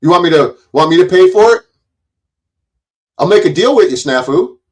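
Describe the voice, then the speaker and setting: A man's voice: high-pitched, animated, moderate pace, a little mellow, poor audio. Profane, ranting middle-aged man. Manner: confrontational, taunting, swears heavily, stammers on restarts. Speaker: YouTube commentator. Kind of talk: angry profane rant to the camera.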